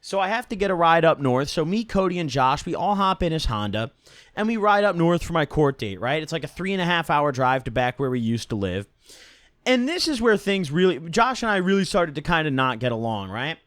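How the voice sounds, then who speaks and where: Young dude rambling thru a story, swears a lot, keeps going "right?", voice bouncing up and down. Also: male voice, on the high side, very animated, brisk, fairly bright tone, no room sound, clean studio sound. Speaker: storytime vlogger. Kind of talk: casual storytelling.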